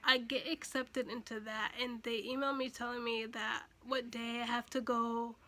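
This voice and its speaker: Sharing a personal story in a casual storytime, this young woman vlogger rambles with fillers and restarts and at times gets emotional, close to tears. She speaks at a moderate pace in a fairly high, level voice with a sharp tone.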